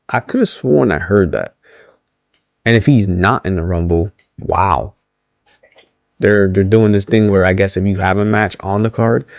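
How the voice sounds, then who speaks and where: Recapping a wrestling show in a casual ramble, this man speaks with a fairly low, creaky, slightly mellow voice. He's hesitant, full of ums and self-corrections, restarting often and questioning viewers, urging them to comment. The sound is lo-fi with no echo.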